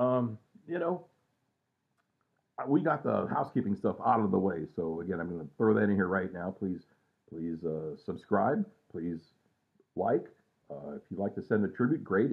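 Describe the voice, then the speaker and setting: Man in his sixties, casual rambling vlog, self-mocking, gravelly voice, tinny phone-like recording. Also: fairly low pitch. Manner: rambling, self-mocking, trails off with many fillers. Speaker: vlogger. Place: home at night.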